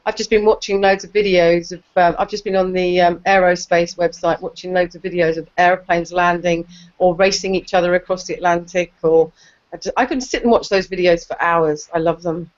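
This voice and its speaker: A woman's voice: lowish voice, fairly even intonation, a little fast. A well-spoken woman from London with a polished southern English accent, hosting a casual online debate chat in a blunt, outspoken way. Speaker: debate host. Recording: dull lo-fi audio.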